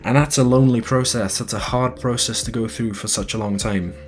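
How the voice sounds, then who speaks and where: A man's voice: mid-range voice, fairly even intonation, a little fast. A young man giving a casual online convention panel talk from a room at home, earnest and rambling, often repeating words as he starts a sentence. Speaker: convention panelist and video editor.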